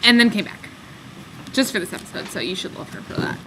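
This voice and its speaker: A woman's voice: mid-range voice, lively intonation, quick pace, bright, forceful tone, slight background noise, rough recording. A young woman chatting and telling a story playfully as a vlog co-host. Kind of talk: casual chat.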